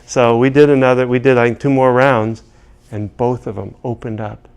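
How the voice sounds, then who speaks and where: A man's voice: mid-range voice, level tone, moderate pace, a little mellow. A man teaching tapping, telling a long rambling story full of restarts and asides. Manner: rambling, many restarts and "you know"s. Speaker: EFT practitioner. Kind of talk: casual teaching with anecdotes.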